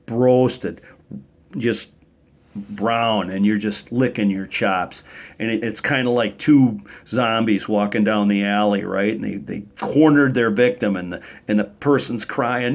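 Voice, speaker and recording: Guy rambling to the camera in his weekly vlog, jokey and chatty, lots of restarts, mid-pitched voice. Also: a little slow. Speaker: vlogger.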